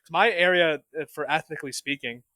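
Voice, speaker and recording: Rambling man, bright voice. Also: on the high side, fairly quick, no echo. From Canada, Southern Ontario. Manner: rambling, heavy use of filler words. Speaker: podcast guest. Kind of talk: casual podcast chat.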